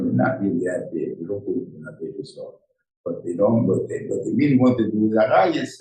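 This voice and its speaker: Older man, Torah class, storytelling, mellow tone, echoey room. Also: sits low, vocal fry, recorded from a distance. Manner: animated storytelling, acts out dialogue. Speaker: rabbi teaching a Torah class. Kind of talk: informal Torah lecture. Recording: roomy, from off the mic.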